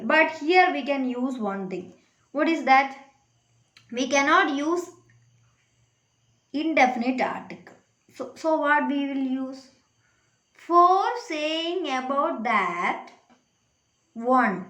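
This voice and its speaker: A woman's voice: high-pitched, a bit bright, reverberant. A woman teaching an English grammar lesson to children, asking questions and checking with the class.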